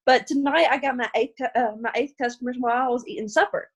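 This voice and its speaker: A woman's voice: on the high side, steady tone, quick pace. A young woman with a Southern American accent from Arkansas, sharing a personal testimony, tearful and laughing through her nerves. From Arkansas, USA. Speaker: team member sharing her story.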